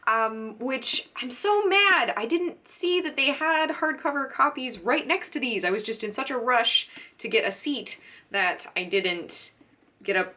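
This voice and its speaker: Giggly chatty woman book vlogger. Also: a little high. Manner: chatty and giggly, gushing fan excitement. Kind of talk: casual chat to camera.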